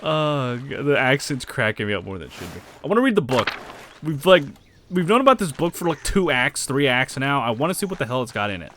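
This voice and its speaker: A male game streamer talking to himself as he plays, swearing freely and breaking into chuckles. His pitch jumps around a lot. A faint background hiss is present. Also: very animated, brisk, a bit bright. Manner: profane, chuckling, thinking aloud. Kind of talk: casual gameplay commentary.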